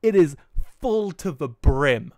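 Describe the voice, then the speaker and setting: A young man from England hosting a podcast, telling a story in a casual, animated way and acting out the quoted dialogue. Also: fairly high pitch, takes it slowly, no echo. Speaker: podcast host.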